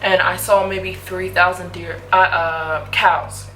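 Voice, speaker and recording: Bright-voiced woman telling a story. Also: fairly low pitch, slow. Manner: lively storytelling, full of fillers. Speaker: vlogger. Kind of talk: storytime narration. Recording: roomy echo with faint music.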